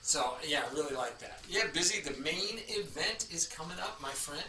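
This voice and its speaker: A man's voice: fairly high pitch, moderate pace, noisy background. A man streaming chess, chatting casually and rambling as he greets chatters by name. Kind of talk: casual live-stream chat. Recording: echoey room, from a distance.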